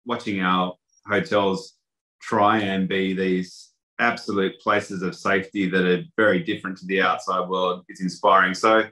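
Bright-voiced man telling stories. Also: low voice, level tone, moderate pace, low-quality recording. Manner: anecdotal, lots of fillers and restarts. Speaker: hotel industry guest. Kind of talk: casual interview storytelling.

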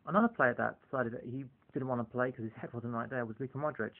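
In a fast, fairly evenly intoned mid-range voice, a man vlogs as a football fan, rambling casually about the game and peppering his talk with "you know." The sound is thin and lo-fi, much like phone audio.

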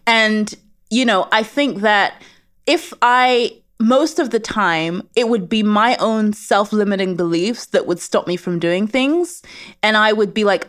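A woman's voice: medium pitch, animated, unhurried. A woman with a British accent, a guest in an interview, speaking in a confident, emphatic, motivational way. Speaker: guest, space lawyer. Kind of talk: interview conversation.

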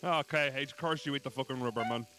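A man's voice: mid-range voice, fast. A man joking and laughing while playing a co-op game with friends. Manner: jokey, laughs often. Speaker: gamer. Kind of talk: casual gaming banter.

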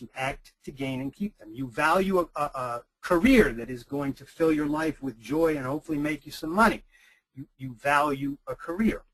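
A man's voice: fairly high pitch, fairly bright tone, slightly rough, poor audio. A man giving an online lecture, emphatic, repeating key phrases for stress, into a computer microphone. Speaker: webinar lecturer.

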